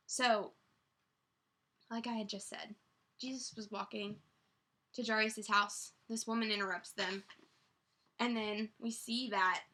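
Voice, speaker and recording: A young woman with a bright, forceful voice leads a student Bible study. She talks casually, full of "like" and false starts, pitched a little high. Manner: chatty, lots of "like" and restarts.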